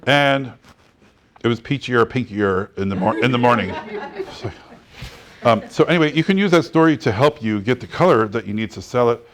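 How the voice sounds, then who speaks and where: Animated male real estate instructor. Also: medium pitch, normal speed, pauses often. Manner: animated storyteller who acts out dialogue and laughs often. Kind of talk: classroom lecture with anecdotes.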